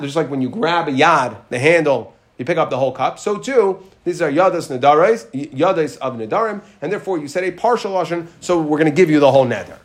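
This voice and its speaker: Leading a Talmud class, a man walks through the text with questions, chanting Hebrew phrases rhythmically as he repeats them. His voice is a little high.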